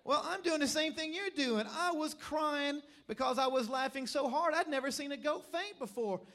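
A man's voice: extremely high pitch, moderate pace. A middle-aged man with a Tennessee accent, preaching a revival sermon in a church and telling stories emphatically. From Middle Tennessee, USA. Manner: emphatic, storytelling preacher who builds to shouted calls. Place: church service.

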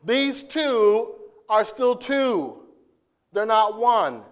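A man preaching a sermon, playful and animated, who acts out scenes and jokes with the congregation. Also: sits high, extremely slow. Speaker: pastor.

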